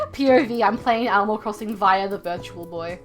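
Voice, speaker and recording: A woman's voice: mid-range voice, moderate pace, soft background music. A young woman streaming, chatting casually in a playful, rambling, giggly way. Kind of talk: casual live-stream chat.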